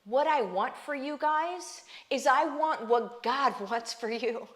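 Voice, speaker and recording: A woman's voice: high voice, lively intonation, takes it slowly. A woman vlogger giving an earnest, emphatic faith talk straight to her viewers, often asking "right?" and calling them "guys.". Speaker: online business coach and vlogger. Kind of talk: heartfelt faith talk to camera.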